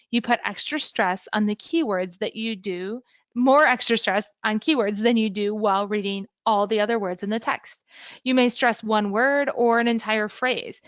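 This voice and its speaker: A woman giving an instructional talk to teachers, clearly explaining how to teach reading skills step by step. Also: mid-range voice, dry recording, muffled recording. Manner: clear, explanatory, modeling sample lesson language. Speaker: teacher educator.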